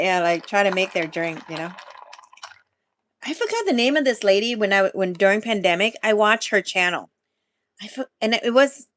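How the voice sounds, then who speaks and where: A woman's voice: mid-range voice, no echo, studio quality. A woman hosting a casual live-stream chat for her food channel, rambling and laughing often as she talks straight to her viewers while sipping coffee.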